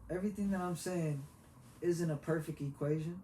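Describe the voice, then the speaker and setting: A man giving a heartfelt, preachy motivational talk, halting and repeating himself as he goes. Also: fairly high pitch, dark tone. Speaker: motivational vlogger. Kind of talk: earnest motivational monologue. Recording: echoey room with faint background hiss.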